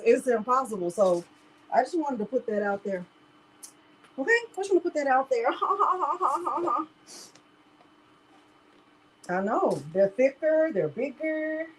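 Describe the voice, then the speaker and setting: A woman's voice: fairly high pitch, a little mellow, breathy edge, rough recording. Chatty woman hosting a craft livestream. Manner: chatty, talks straight to viewers as "y'all", laughs often. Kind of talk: casual live tutorial chat.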